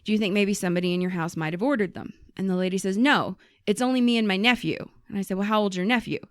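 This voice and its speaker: A woman co-hosting a casual podcast, telling and reading listener stories with lively voices for the people she quotes and plenty of swearing. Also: mid-range voice, quick pace, dry recording, clean studio sound. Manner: animated storyteller, acts out quoted people, swears freely. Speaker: podcast co-host.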